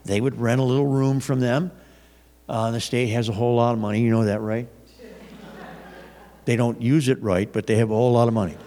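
A man's voice: mid-range voice, steady tone, brisk, pauses often, warm tone. A man preaching a sermon in a loose, conversational storytelling way, often restarting his sentences. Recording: long reverb of a large hall.

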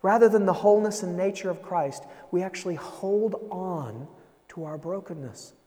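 A man preaching a sermon in a conversational, animated way, often checking in with "right?". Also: high-pitched, normal speed, in a large hall. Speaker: pastor.

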